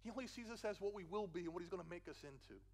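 Man, Philadelphia accent, pastor preaching a sermon, acts out the quotes, drops low for emphasis, fairly high voice. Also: racing, a little mellow. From Philadelphia, USA.

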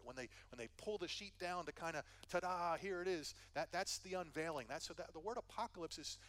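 A man's voice: a little high, fairly bright tone. A man preaching a conversational Bible teaching, earnest, often restarting phrases and checking in with "right?". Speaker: pastor. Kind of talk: sermon teaching.

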